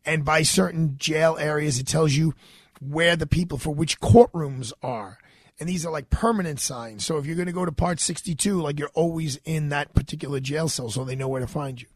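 A man's voice: on the high side, no room sound. A middle-aged man hosting a radio talk show, telling a story in a loose, chatty way and acting out the people he quotes. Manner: animated, acts out quoted voices. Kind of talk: casual storytelling monologue.

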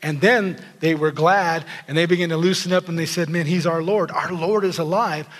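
High-voiced preacher in a reverberant hall. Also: male voice, moderate pace. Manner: animated storytelling, acts out quotes. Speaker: pastor. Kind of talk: sermon.

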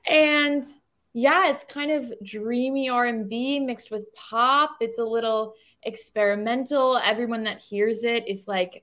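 A woman songwriter chats as an interview guest. She talks in a bubbly, quick way and laughs often. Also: a little high, expressive, a bit bright. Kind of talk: casual interview chat.

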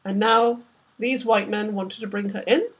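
Husky woman reading her own novel. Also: mid-range voice, fairly even intonation, a little slow, low-quality recording. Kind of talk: book reading.

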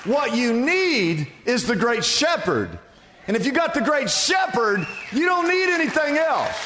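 A man's voice: very high-pitched, sing-song, a little slow, a crowd in the background, background noise. A man preaching a sermon as pastor, asking rhetorical questions and repeating phrases for emphasis, in a church. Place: church sanctuary. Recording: long reverb of a church hall.

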